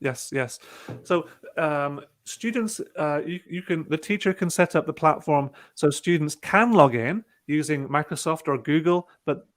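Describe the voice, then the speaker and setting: A man presenting an online webinar, calmly talking through each click of a teaching tool step by step. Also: on the high side, measured pace. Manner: relaxed, talks through clicks step by step with fillers. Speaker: presenter demonstrating a teaching platform. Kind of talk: casual online webinar demo. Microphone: video call.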